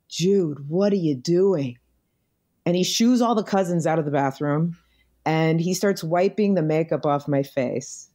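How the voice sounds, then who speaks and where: Low mellow middle-aged woman, chatting reflectively in a podcast interview, telling her story. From United States. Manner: reflective storytelling, warm and earnest. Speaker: podcast guest. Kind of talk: conversational interview.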